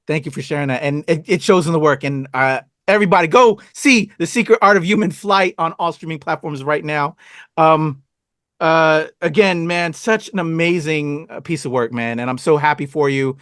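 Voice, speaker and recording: A man's voice: a little high, normal speed, a bit bright, no echo, clean studio sound. A man hosting a podcast interview, talking in an earnest, hyped way and swearing freely. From Philippines. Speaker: podcast host. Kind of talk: casual interview chat.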